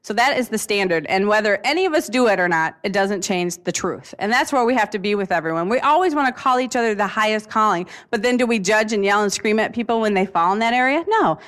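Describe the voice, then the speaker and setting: A woman's voice: medium pitch, expressive, fast, hardly any pauses, fairly bright tone. Earnest chatty woman youth minister. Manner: casual, earnest, chatty with fillers and laughs. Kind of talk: conference talk.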